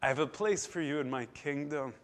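A man preaching a sermon, emphatic, swinging between loud stressed words and quiet, low drops. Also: fairly quick.

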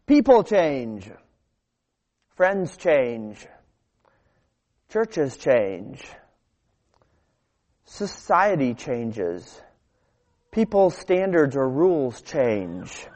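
Slow, emphatic male preacher. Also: big pitch swings. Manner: emphatic, repeats phrases, drops to low quiet endings. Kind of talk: sermon.

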